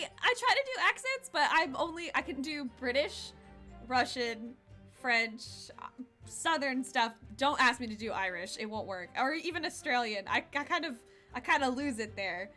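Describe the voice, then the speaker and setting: A woman's voice: high voice, animated, normal speed, bright, forceful tone, soft background music. A young woman streaming a game, chatting and laughing as she reads the dialogue aloud. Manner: chatty, laughing, reads character lines in voices. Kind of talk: game let's play, reading dialogue aloud.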